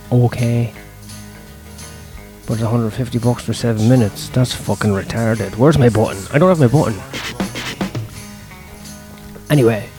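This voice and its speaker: A man's voice: mid-range voice, mellow. A young man, a stand-up comedian talking through his gigs in a casual, profane, self-deprecating ramble, with faint music behind him. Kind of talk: casual vlog monologue.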